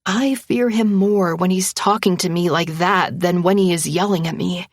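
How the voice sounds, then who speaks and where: A woman reading a first-person romance story aloud in a tense, breathy storytelling manner. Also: fairly low pitch, normal speed, no echo, clean studio sound. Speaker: narrator.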